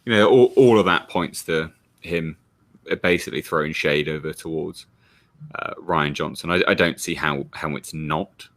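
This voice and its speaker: A man with a very deep voice speaks as a panel guest on a live stream. He starts and restarts phrases and repeats words while he works out his point. His delivery is halting and unpolished. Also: fairly bright tone. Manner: hesitant, repeating words as he gathers thoughts.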